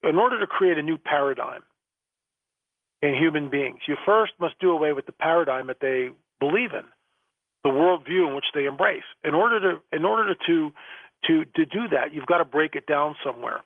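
A man's voice: on the high side, lively intonation, normal speed, dry recording. A male guest author in a radio interview, talking emphatically and often repeating words, over a phone line.

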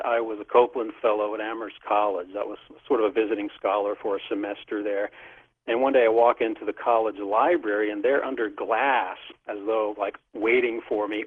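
With a lowish voice that has a breathy edge, a middle-aged man tells a casual story as an interview guest. He's animated and often laughs mid-sentence, and the recording comes through a tinny phone line.

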